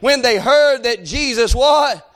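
A male preacher, delivering a rhythmic sermon that swings between shouted pleas and half-sung lines. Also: very high-pitched, slow.

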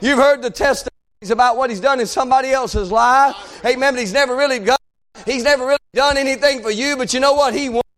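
A man preaching a fervent revival sermon to a congregation, often shouting and punctuating his points with amen and hey. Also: very high-pitched, fast talker. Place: church service before a congregation.

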